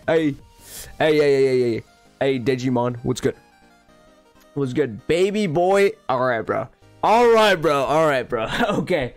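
A man live-streaming a game, excitably greeting viewers and reading chat aloud. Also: a little high, dry recording.

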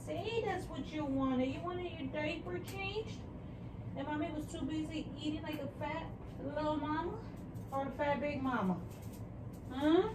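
A woman's voice: high voice, measured pace, far from the mic. A woman filming a home vlog, talking to her baby in soothing, coaxing, sing-song baby talk. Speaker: mother. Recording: echoey room with background noise.

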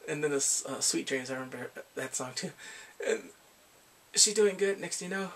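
A man casually recapping a TV drama with animated, laughing storytelling. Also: a little high, normal speed, vocal fry, slight background noise. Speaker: drama reviewer.

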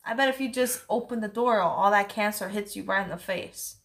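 A woman's voice: mid-range voice, brisk, fairly bright tone. A woman mocking and swearing bluntly in crude comedy banter as a co-host.

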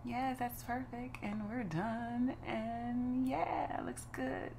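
A woman's voice: fairly high pitch, steady tone, slow pace, creaky, a little mellow, slight background noise. A woman from Los Angeles hosting a gaming channel, giving casual, chatty gameplay commentary and musing aloud while she chooses.

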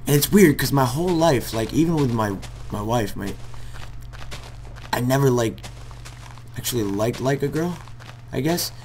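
Young male gamer at a desk mic, casual and rambling, halting confessional talk, middle-pitched. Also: lively intonation, a little hiss or hum. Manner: rambling and hesitant, bursts into loud cursing. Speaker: gaming vlogger. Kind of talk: casual heartfelt talk over gameplay.

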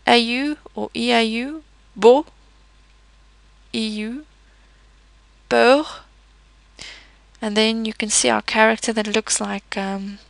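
A woman teaching a pronunciation lesson, explaining patiently with pauses, fillers and small self-corrections. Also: on the high side, steady tone, gravelly, fairly bright tone, no echo, rough recording. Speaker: French teacher.

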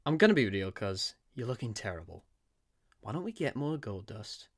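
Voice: mid-range voice, sing-song, normal speed. Junior, a voice actor doing a laid-back surfer guy. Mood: easygoing. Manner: chatty, easygoing, calls people cuz. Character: laid-back small magical surfer man, cheerful. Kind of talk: fan voice acting.

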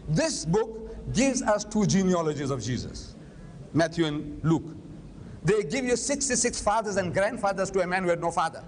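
An older man holds the floor at a public lecture, pressing his point with forceful, argumentative rhetorical questions. His voice sits high for a man. A long reverb trails off him in the hall. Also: animated, moderate pace, slight background noise.

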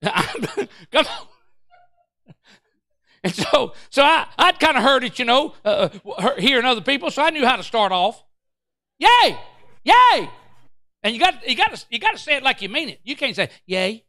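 A preacher man tells a story from the pulpit, his voice high and bright. He acts out every quote with big swings, breaking off to call out to his church. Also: normal speed, no room sound. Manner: animated, acts out quotes, Pentecostal call-outs. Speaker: pastor. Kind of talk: storytelling sermon.

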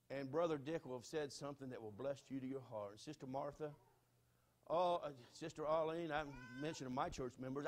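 A high-voiced man with a Southern US accent preaches to his congregation. His delivery swings from hushed, earnest appeals to loud, passionate exhortation. He sounds middle-aged and speaks as a pastor. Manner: fervent, swings from quiet pleading to shouting. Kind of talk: sermon. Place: church sanctuary.

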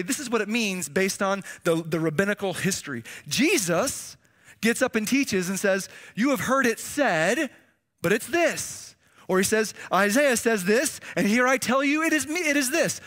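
A male pastor preaching with a high, lively pitch. His voice is bright and forward, and he talks to the congregation conversationally, sinking low and soft to stress key phrases. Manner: conversational preaching with audience call-and-response. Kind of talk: sermon.

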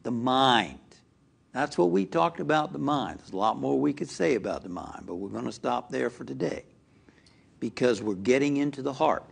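A man's voice: mid-range voice, expressive, normal speed, vocal fry, slightly rough. A male minister giving a sermon to a live congregation, asking them direct questions as he speaks. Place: church hall with a live congregation.

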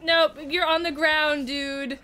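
A woman commentating her gameplay casually, excitable and quick to yelp and swear when she panics. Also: high-pitched. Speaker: gamer streamer.

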